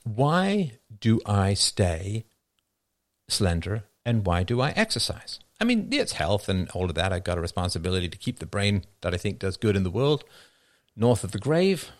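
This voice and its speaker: A man's voice: fairly low pitch, big pitch swings, moderate pace, dry recording, studio quality. A man hosting a show, giving casual commentary and answering chat with rhetorical questions and frequent laughs. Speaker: show host.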